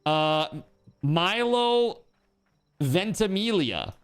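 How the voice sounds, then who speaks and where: A man's voice: sits high, sing-song, drawn-out words, a bit bright, clear, resonant tone. A man streaming live, chatting casually, rambling and joking, with swearing.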